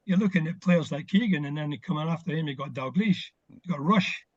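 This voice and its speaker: A man's voice: a little high, brisk, no echo, muffled recording. An older man, a former footballer, chatting as an interview guest over a video call, telling stories with plenty of fillers. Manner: reminiscing, warm storytelling with fillers. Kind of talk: casual video call chat.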